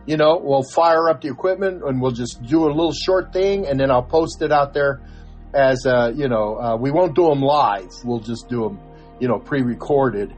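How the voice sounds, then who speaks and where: A man's voice: mid-range voice, normal speed, darkish tone, dull audio, faint music behind. An older man, a podcast co-host, telling a story in casual chat, chuckling and acting out the quoted voices.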